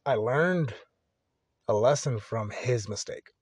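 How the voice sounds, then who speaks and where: A man's voice: medium pitch, animated, slow pace, husky, no room sound, studio quality. A young man hosting a podcast alone, talking casually and candidly, rambling and swearing freely. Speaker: podcast host. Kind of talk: casual solo podcast monologue.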